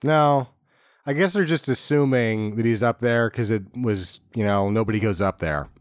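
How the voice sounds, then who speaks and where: A man trading dry wisecracks about a film in relaxed podcast chat. His voice sits in an everyday middle pitch. The recording is dry and close. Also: normal speed, dry recording. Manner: laid-back, dry wisecracks. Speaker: podcast co-host. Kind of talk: casual movie riffing.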